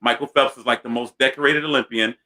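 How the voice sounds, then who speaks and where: Bright-voiced man telling a comic story. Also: medium pitch, fast. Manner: animated, self-mocking storyteller. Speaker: host. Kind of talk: comic storytelling on a talk show.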